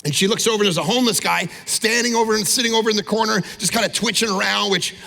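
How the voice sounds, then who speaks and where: A middle-aged male pastor preaching with a high, gravelly, forceful voice, punching his points hard. His sermon carries a long reverb, as if it fills a large church hall. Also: rapid-fire. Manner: emphatic, swings from loud exhortation to low intense asides.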